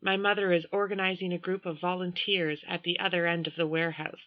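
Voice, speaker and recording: A woman reading a first-person novel aloud as audiobook narration, in a measured, even storytelling manner, with a dull lo-fi recording. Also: fairly low pitch, no echo. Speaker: audiobook reader.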